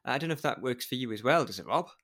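A man's voice: mid-range voice, expressive, very fast, fairly bright tone. A man hosting a podcast, chatting in a playful, teasing way. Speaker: podcast host. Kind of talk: casual podcast chat.

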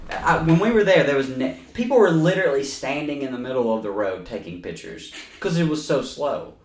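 A podcast host rants in loose, profane film chat, laughing often as he goes. His pitch swings widely, and he sits back from the mic in an echoey room, so his voice sounds roomy and distant. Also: expressive, fairly quick. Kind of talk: casual film-review chat.

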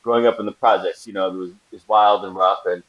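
A man from Brooklyn, New York, telling stories as a guest actor in a casual interview, animated and laughing often. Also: low-pitched, quick pace, highs cut off. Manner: animated storyteller, laughs often, acts out quotes. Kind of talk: casual anecdotal interview chat.

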